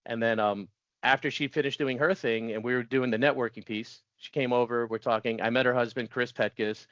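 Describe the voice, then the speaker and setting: A man in his forties telling his story as a podcast guest, chatty and quick to laugh, often restarting sentences. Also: medium pitch, steady tone, a bit bright, no room sound. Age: 40s. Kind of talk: casual storytelling interview. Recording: dull dry lo-fi audio.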